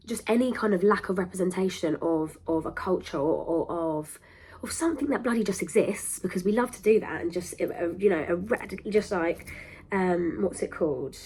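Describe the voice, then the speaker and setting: A woman's voice: on the low side, darkish tone, husky. A young woman hosting a podcast, talking in a rambling, emphatic, self-interrupting way. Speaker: podcast host. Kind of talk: casual monologue to camera.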